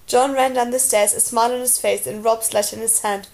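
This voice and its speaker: A woman reading a novel aloud as narrator, with an expressive storytelling delivery. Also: a little high, moderate pace. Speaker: audiobook reader.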